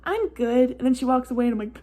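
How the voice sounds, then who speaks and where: A woman's voice: on the high side, flat delivery, racing, warm tone. A young woman and mother telling a casual storytime vlog, chatty and rambling with many "like" fillers, close to tears at times.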